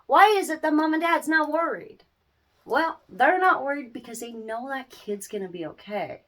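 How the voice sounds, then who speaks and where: A woman's voice: high voice, big pitch swings, normal speed, a bit bright. A woman, a parent, giving a casual life-lesson talk to camera, earnest and repeating phrases for emphasis. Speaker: parent and small business owner.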